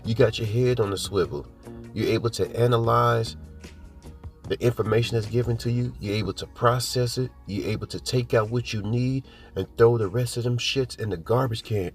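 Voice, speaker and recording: A man hosting his podcast, hoarse from a cold, rambling and boastful as he talks straight to his listeners. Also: medium pitch, moderate pace, soft background music. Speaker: podcast host. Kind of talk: casual podcast monologue.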